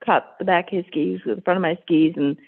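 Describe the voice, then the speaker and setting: A podcast guest with a gravelly, creaky voice, chatting casually, laughing often and trailing off mid-sentence. The audio is thin and tinny, as if it comes through a phone line. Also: medium pitch, steady tone, a little fast. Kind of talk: casual conversation over a call.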